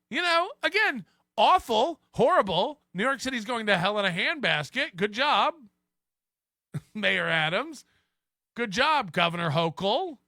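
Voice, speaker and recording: High, bright-voiced mocking male host. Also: very animated, normal speed, no room sound, clean studio sound. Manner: mocking, sarcastic, laughs at own remarks. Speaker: podcast host. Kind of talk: ranting commentary.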